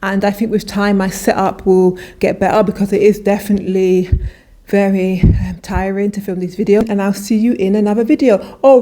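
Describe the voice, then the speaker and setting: A woman's voice: mid-range voice, dark tone. A woman vlogger talking casually and enthusiastically through a clothing try-on haul, often restarting her sentences. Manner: chatty, enthusiastic, with frequent restarts.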